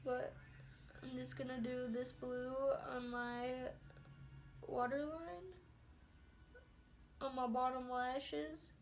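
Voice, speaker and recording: A young adult beauty vlogger films a makeup tutorial on her phone camera, talking to herself casually in a light put-on country accent. Her voice is high with little pitch movement, she speaks slowly with long pauses, and there's a little hiss or hum. She's chatty, with mild exclamations.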